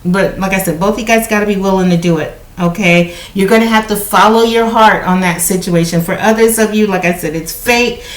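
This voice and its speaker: A woman's voice: medium pitch, steady tone, brisk, few pauses. A woman giving a casual spoken tarot reading to her viewers, talking in a chatty, conversational way and often checking in with "you know" and "okay?". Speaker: tarot card reader. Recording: roomy echo.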